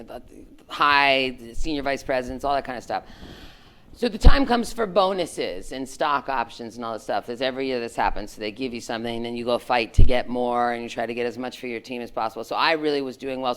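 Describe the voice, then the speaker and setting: A middle-aged woman, a former tech executive, telling a story to students in a frank, animated way, full of "like" and "right?". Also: extremely low pitch. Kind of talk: candid storytelling talk to students.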